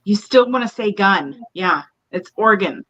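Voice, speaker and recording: A woman's voice: medium pitch, animated, normal speed, fairly bright tone, lo-fi sound. A woman co-hosting a casual livestream chat, teasing and giggling.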